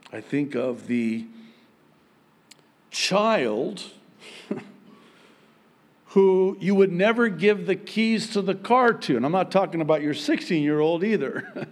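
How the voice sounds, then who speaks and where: A man preaching a sermon as pastor, with emphatic, raised high-pitched points broken by quiet, joking asides. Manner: humorous, self-deprecating asides.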